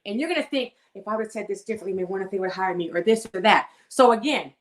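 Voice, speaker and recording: A woman with a Californian accent, a guest in a casual conversation, talking in an animated, emphatic way and laughing often. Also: medium pitch, quick pace, slight background noise. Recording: echoey room.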